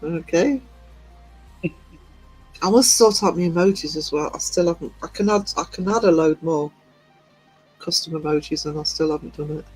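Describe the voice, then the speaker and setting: A man's voice: on the high side, normal speed, long pauses, darkish tone, breathy edge, rough recording. A man hosting a livestream, giggling as he reads out chat messages. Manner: giggly, reading chat aloud. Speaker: livestream host. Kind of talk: casual live-stream chat. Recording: faint music behind.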